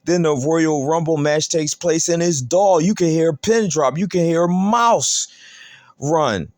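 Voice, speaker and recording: Male host for wrestling news commentary; fairly high voice, slow deliberate pace, emphatic and repetitive. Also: no room sound. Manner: emphatic, repetitive, rhetorical questions.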